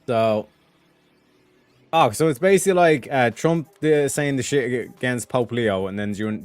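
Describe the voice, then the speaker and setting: A man chatting casually on a livestream, rambling and swearing, with a lot of filler phrases, talking to his viewers from a home setup. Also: lowish voice. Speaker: streamer.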